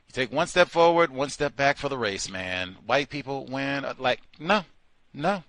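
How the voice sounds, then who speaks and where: Sardonic man, lively voice. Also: mid-range voice, unhurried, dry recording. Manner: sardonic, switching between mocking voices and asides. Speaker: radio show host. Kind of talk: satirical call-in show monologue.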